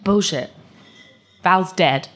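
A woman's voice: fairly low pitch, very slow, voice pushed up, heavily acted. Woman doing a scornful young woman. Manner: scornful, sharp.

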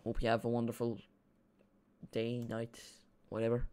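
A young man streaming a football watch-along, rambling and excitable as he chats with his viewers. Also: mid-range voice, normal speed, smooth.

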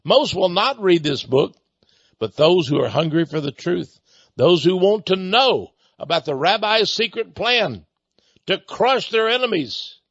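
Emphatic high-voiced husky man. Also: lively intonation, measured pace, a bit bright, no room sound, dull audio. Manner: emphatic, repeats words and stumbles, sarcastic asides. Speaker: radio show host. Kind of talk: preachy radio monologue with an on-air sales pitch. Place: studio with a co-worker present.

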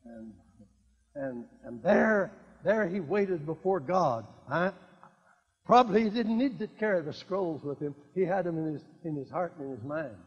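An older man preaching a sermon, swinging between quiet asides and loud emphatic declarations and repeating key lines. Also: fairly high pitch, moderate pace, breathy edge. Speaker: evangelist. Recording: dull lo-fi recording in a reverberant hall.

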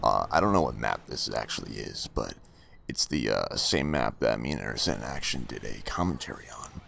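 A man talking over gameplay in a slow, deep, gravelly character voice he practices for voice acting. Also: animated, a bit bright, slight background noise, exaggerated voice. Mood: low, calm. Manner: slow, low, murmured delivery. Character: deep low-voiced male character, menacing. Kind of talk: game commentary in a practice character voice.

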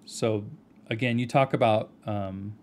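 Low-voiced man arguing earnestly to camera. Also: steady tone, a little mellow, a little hiss or hum. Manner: earnest, argumentative, addresses the other person by name; measured, respectful tone with repeated rhetorical questions. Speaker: video commentator. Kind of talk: direct-to-camera video response.

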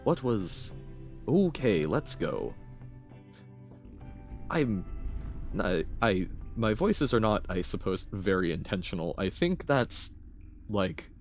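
Low-voiced rambling game streamer man. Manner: rambling, self-deprecating. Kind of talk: casual let's-play commentary.

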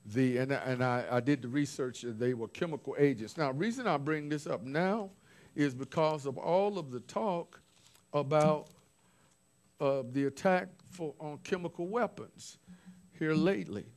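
A man's voice: a little high, unhurried, a little mellow. A man preaching informally, recounting visions from his notes with restarts and asides. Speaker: apostle preaching. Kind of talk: sermon.

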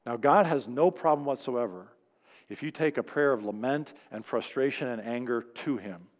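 A man's voice: mid-range voice, moderate pace, long reverb tail. A man preaching a sermon as pastor, telling stories in a conversational way and acting out the people he quotes. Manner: conversational storytelling preacher, acts out quoted voices. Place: church sanctuary.

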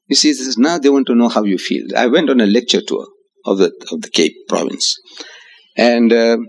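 An older man with a South African accent lectures to a hotel audience. He talks in a lively way and his pitch leaps up when he plays the people he quotes. His voice sits at a middle pitch. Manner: animated, acts out quoted voices with rising pitch. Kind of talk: public religious lecture.

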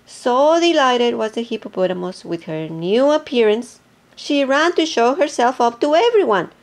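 A woman reading a picture book aloud, gently and with small asides to listeners. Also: a little high, lively intonation, normal speed. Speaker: storybook reader.

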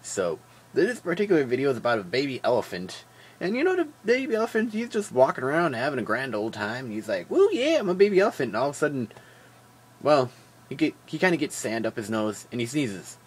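A man rambles through his daily vlog, tired but jokey and animated. His voice sits at an ordinary middle pitch and is full of fillers and quick asides. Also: husky. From Wisconsin. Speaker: vlogger. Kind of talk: casual daily vlog chat.

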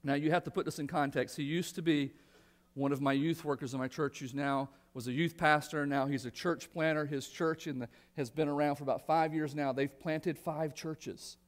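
A man's voice: fairly high pitch, steady tone, normal speed. A male pastor giving a conversational sermon in church, earnest and often repeating words as he restarts. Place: church sanctuary.

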